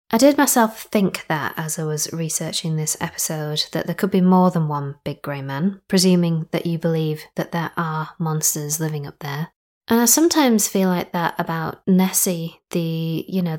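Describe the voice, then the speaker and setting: A young woman hosting a podcast in a casual, chatty way, drifting into asides and correcting herself mid-sentence. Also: sits low. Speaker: podcast host.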